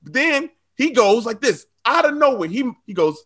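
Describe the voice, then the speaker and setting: High, bright-voiced man telling stories. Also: moderate pace, breathy edge. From South Side of Chicago. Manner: animated, laughing often, slangy asides to the audience. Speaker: storyteller on a comedy show. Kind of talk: comic storytelling.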